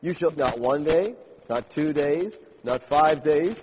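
A man's voice: a little high, unhurried. Male pastor preaching in a big hall. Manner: animated, mocking the complainers with laughs and exaggerated quotes. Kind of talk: sermon with scripture reading. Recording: dull lo-fi sound in a large reverberant hall with faint hiss.

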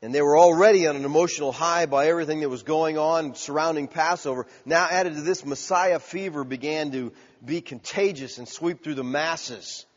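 A man preaching a sermon, asking the congregation questions and building to loud cries. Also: fairly high pitch, normal speed, few pauses. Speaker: pastor. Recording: dull sound with long hall reverb.

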